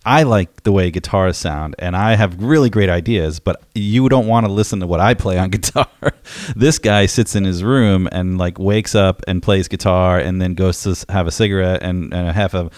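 A man's voice: sits low, moderate pace, darkish tone, no room sound, studio quality. A man in a casual chat, talking in a laid-back way and chuckling now and then.

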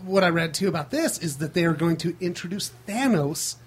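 A man co-hosting a casual chat, excitable and swearing freely. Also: a little high, brisk, husky. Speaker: podcast co-host.

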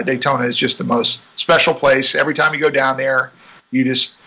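Man, racing driver guest, bright edge, talkative and laughing. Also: medium pitch, gravelly, slightly rough, low-quality recording. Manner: chatty, laughs often, animated asides. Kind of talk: casual interview chat.

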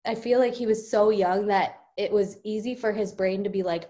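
A young woman chatting casually, animated, often jumping her voice up to act out what children say. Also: normal speed. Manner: animated, acts out kids' voices with big pitch jumps. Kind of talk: casual conversational chat.

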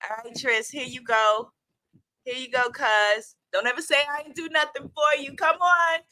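A woman hosting a playful live stream, animated and quick to laugh and get emotional. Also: sits high, no room sound, poor audio. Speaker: livestream host.

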